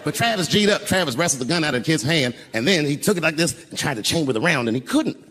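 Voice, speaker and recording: A middle-aged man telling a stand-up story, swinging between hushed asides and loud outbursts. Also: a little high, expressive, quick pace, a little hiss or hum. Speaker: stand-up comedian. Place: large theater stage. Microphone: stage microphone. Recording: reverberant live theater recording.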